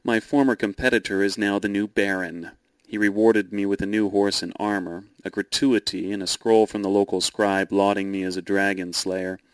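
A man playing a scheming young knight, speaking in a brisk, lively, matter-of-fact way. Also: lowish voice, dry recording, close to an everyday voice. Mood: brisk, plotting.

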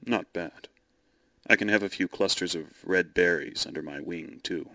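A man voicing a calculating male dragon, speaking in a dry, measured, quietly menacing way. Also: deep voice, vocal fry, dry recording, full character voice. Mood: dry, wary.

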